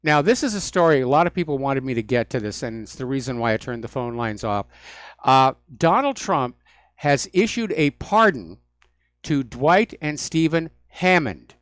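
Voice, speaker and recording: A man's voice: mid-range voice, big pitch swings, normal speed, a bit bright, no room sound, studio quality. A man hosting a talk radio show, delivering solo commentary in a sardonic, mocking manner. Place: radio studio.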